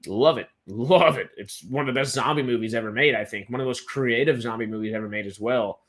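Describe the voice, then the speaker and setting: A man's voice: mid-range voice, fast. A young man with an ordinary mid-range voice co-hosts a film news stream in a casual chat. He rambles enthusiastically, stumbling over repeated words and restarting his sentences. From Texas.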